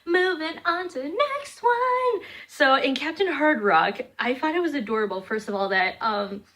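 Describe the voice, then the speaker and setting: A young woman vlogging a casual review of cartoon episodes, chatty and animated, slipping into playful voices. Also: sits high, normal speed. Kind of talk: casual reaction chat.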